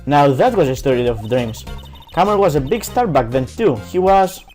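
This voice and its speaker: A let's player voicing a nosy, cranky old woman security guard who scolds and gossips in a shrill voice. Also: animated, normal speed, a little mellow, faint music behind, lightly acted. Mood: gossipy. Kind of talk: let's play voice acting.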